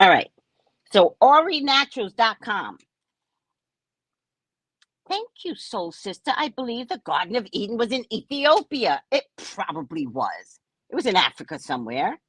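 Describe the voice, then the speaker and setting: A woman hosting a casual live stream, chatting with viewers by name in a lively, talkative way. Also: mid-range voice, moderate pace, slightly rough, dry recording. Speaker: psychic live-stream host.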